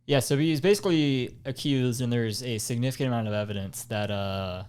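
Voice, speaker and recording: A man's voice: medium pitch, a little fast, darkish tone, clear, resonant tone. A man co-hosting a casual podcast chat, explaining things at length with lots of ums and restarts. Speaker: podcast co-host.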